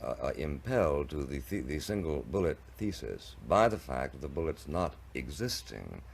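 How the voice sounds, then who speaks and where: A man's voice: very deep voice, sing-song, normal speed, vocal fry, husky. A man debating on an archival 1960s TV broadcast, with ornate wording, stammering restarts and a wry edge. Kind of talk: televised debate.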